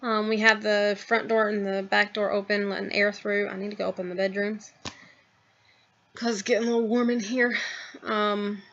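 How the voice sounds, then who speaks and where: A woman's voice: mid-range voice, level tone, normal speed, a bit bright, lo-fi sound. Rambling woman vlogging from home. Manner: rambling, many ums and trailing asides. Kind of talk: casual chat to camera. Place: at home, in a house.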